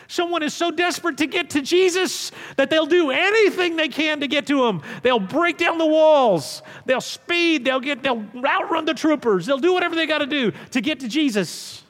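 Animated preacher in a reverberant hall. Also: male voice, extremely high pitch. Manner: storytelling, swings from loud emphatic to hushed. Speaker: pastor. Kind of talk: sermon.

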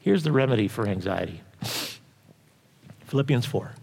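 A man's voice: medium pitch, lively intonation, moderate pace, vocal fry, a little mellow, husky. A man preaching a sermon in a conversational way, often asking the congregation questions. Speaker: pastor. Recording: long hall reverb.

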